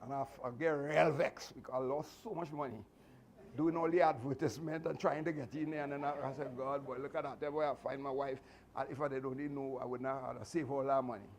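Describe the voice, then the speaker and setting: A man with a Trinidadian accent, telling animated, chatty stories to a martial arts class with laughing asides. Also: mid-range voice, brisk. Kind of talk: storytelling speech to a class.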